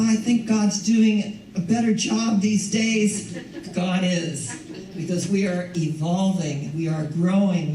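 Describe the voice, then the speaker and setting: Older female minister, mellow voice, easy conversational sermon, distant mic in a reverberant hall. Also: mid-range voice, slight background noise. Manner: warm, conversational, laughs often. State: recovering from lost voice. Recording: echoey hall from far off.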